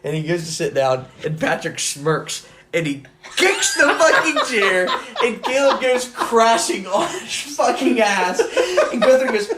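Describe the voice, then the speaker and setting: A man's voice: sits high, unhurried. A young man co-hosting a podcast, telling a profane school story with lots of laughing. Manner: animated, swears constantly, laughs while telling. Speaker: podcast co-host. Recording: roomy echo, faint noise.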